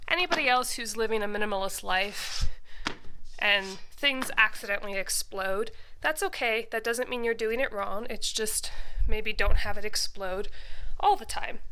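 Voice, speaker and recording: A woman's voice: on the high side, bright, forceful tone, clean tone, rough recording. A young woman chatting casually in a decluttering vlog, laughing often and a little out of breath. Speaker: vlogger.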